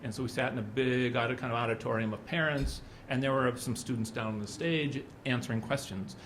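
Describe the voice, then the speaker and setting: At a symposium, a middle-aged man delivers a conference talk, sharing anecdotes in a loose, conversational manner. His mid-range voice is fairly even and a bit bright, and he speaks fairly quickly. Slight background noise is present.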